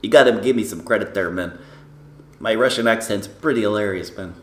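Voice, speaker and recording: A man's voice: fairly low pitch, brisk, reverberant. A man doing a brash, profane, boastful impression of a football commentator while playing a video game. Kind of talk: comedic let's-play commentary.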